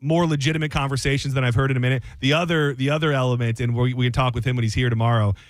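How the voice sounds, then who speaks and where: A man's voice: mid-range voice, fairly even intonation, racing, no echo. A man hosting a sports talk radio show, loose and rambling with frequent restarts.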